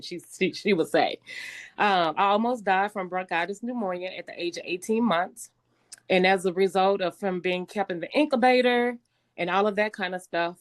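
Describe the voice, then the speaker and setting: A middle-aged woman with a slightly raspy voice, telling her life story as a guest speaker in a conversational way, with many fillers and restarts. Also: lowish voice, normal speed. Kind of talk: personal testimony talk.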